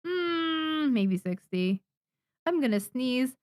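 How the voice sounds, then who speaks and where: A chatty woman from Japan whose first language is Japanese talks to her stream viewers while working on manga designs. Her pitch swings freely as she gets excited, and the sound is dry and close with no room around it. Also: dry recording. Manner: chatty, excitable, quick to laugh. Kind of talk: casual live-stream chat while drawing.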